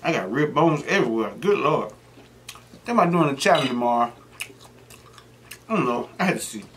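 A middle-aged man talks casually into the camera while he eats, drifting from one joking story to the next. His voice sits at an ordinary pitch, neither high nor low, and he keeps an easygoing, rambling flow. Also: expressive, a little fast, a bit bright, slight background noise. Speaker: mukbang host. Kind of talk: casual chat while eating.

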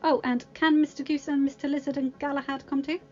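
A woman's voice: high voice, flat delivery, fast, a little mellow, muffled recording, soft background music, voice pushed up, close to an everyday voice. A woman reading aloud, voicing a kind, shy young woman who talks eagerly to her animal friends. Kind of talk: storybook reading.

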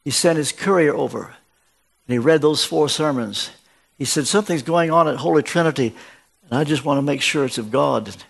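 Older preacher telling a story, fairly high voice. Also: male voice, moderate pace, gravelly, slightly rough. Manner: storytelling, acts out dialogue with shifts of pitch. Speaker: guest preacher. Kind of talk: sermon. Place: church.

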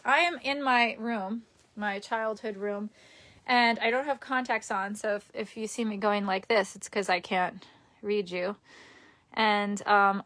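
A woman's voice: mid-range voice, fairly bright tone. A young woman from Queens, chatting casually with viewers during a livestream from her childhood bedroom and laughing often. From Queens, New York. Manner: chatty, giggly, talks to viewers.

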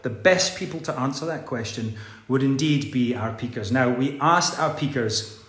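A man's voice: medium pitch, normal speed, fairly bright tone, echoey room. A man hosting an online gala, chatting playfully and reading out fan messages with joking asides. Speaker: gala host.

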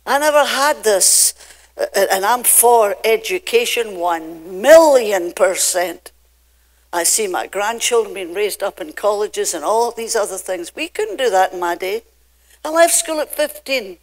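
An older Scottish pastor, a woman with a medium-pitched, expressive voice and a Scottish accent, delivers a sermon in church. She draws out her emphatic lines, rising loud and then dropping soft.

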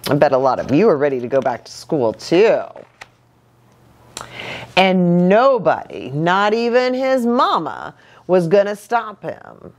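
A woman pastor reading a picture book aloud to children, an animated and playful storyteller. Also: fairly low pitch, a little slow.

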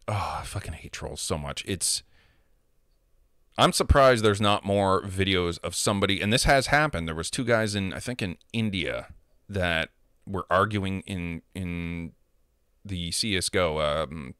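Low-voiced man in a profane gaming rant. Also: a bit bright, dry recording, clean studio sound. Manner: profane, heated, emphatic. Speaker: gamer. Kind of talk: casual rant.

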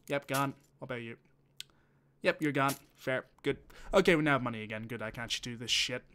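A man's voice: medium pitch, a little fast, pushed and bright, slight background noise. A man, chatting and swearing casually as he thinks aloud while playing a game on stream. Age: 20s. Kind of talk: casual gameplay commentary.

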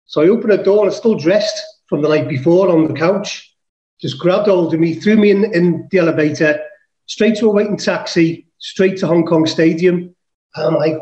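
A man from England, a guest on a podcast, tells a rowdy story with lots of casual swearing, acting out his own lines. His high-pitched, slightly mellow voice moves at normal speed, and the lo-fi recording sounds roomy.

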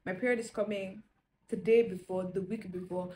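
A woman's voice: mid-range voice, steady tone, moderate pace, a little mellow, slight background noise. A young woman vlogging at home, chatting candidly and rambling straight to her viewers. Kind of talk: casual chatty vlog. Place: indoors at home.

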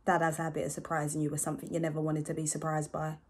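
An actress in a solo stage monologue playing a wry, grumbling young narrator who tells a family story in a dry, sardonic way. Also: female voice, low-pitched, monotone, racing, darkish tone, slight background noise, close to an everyday voice. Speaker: stage actor.

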